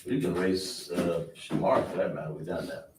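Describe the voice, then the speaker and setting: A man's voice: low voice, flat delivery, normal speed, noisy background. A male teacher leads a class at the board, drilling words and checking with his students. He sounds far from the mic in a reverberant room. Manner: repetitive, question-and-answer teaching style. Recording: echoey room, voice from a distance.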